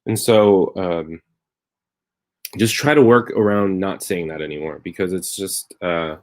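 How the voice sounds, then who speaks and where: A man with a low, deep voice talks on a live stream from his bedroom. He tells a meandering story in a loose, chatty way that swings between wry jokes and quiet tenderness. The sound comes through a plain computer mic. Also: measured pace. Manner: rambling storytelling, turning wry then tender. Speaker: comedian hosting a live stream. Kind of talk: casual confessional monologue.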